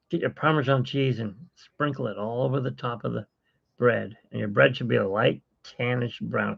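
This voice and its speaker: A man's voice: mid-range voice, gravelly. A man hosting a casual live-stream chat, rambling and self-mocking with corny jokes. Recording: dull lo-fi stream audio.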